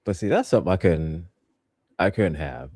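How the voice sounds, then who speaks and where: A man's voice: low voice, animated, normal speed, a little mellow, slightly rough, no echo, clean studio sound. A man hosting a podcast, reviewing a show in casual, joking chat. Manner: playful, joking, laughs a lot. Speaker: podcast host.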